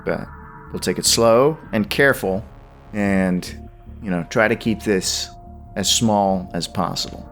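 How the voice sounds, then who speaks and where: A man voicing a calm, reassuring male defense lawyer who coaches his client in a measured, steady way. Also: on the low side, faint music behind.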